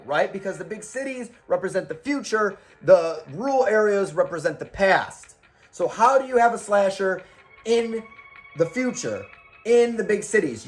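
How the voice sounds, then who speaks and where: A man reviewing horror movies in a casual, argumentative monologue, full of rhetorical questions and the odd curse. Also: high voice. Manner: animated, rhetorical questions, profane.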